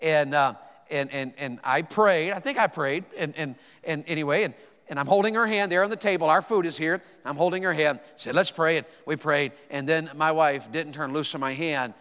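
A man's voice: a little high, normal speed, fairly bright tone, clear, resonant tone. A man, a pastor preaching a sermon with emphatic calls to the congregation and stammered repeats. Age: 50s. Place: church sanctuary. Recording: echoey church hall.

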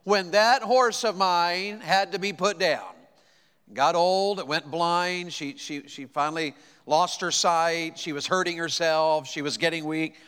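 A man from Tennessee with a Southern accent, preaching a sermon, telling folksy stories with quick asides and slow, emphatic lines. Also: a little high, steady tone, fairly bright tone, clear, resonant tone. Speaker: pastor. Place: church auditorium. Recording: long hall reverb.

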